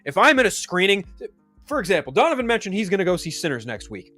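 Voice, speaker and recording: A man hosts a commentary show in a heated, profane rant. His voice sits high and swings widely. It has a bright edge, with faint music behind it. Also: sing-song, fast talker. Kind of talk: ranting commentary.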